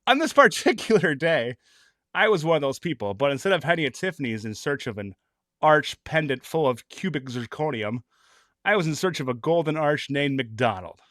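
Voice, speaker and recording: A man reading a comic story aloud in a mock-dramatic, animated way, laughing often. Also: a little high, moderate pace, no echo, studio quality. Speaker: reader of comic stories.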